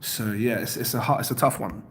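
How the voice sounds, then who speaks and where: A man's voice: fairly quick, slight background noise. A young man hosting a crypto livestream, chatting casually, reading out viewer comments and laughing often. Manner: animated, jumps up in pitch when excited.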